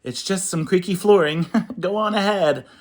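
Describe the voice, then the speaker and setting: A man voicing a fretful, sleepy little male mouse in a read-aloud picture book, squeaky and frantic. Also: big pitch swings, a little slow. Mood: excited.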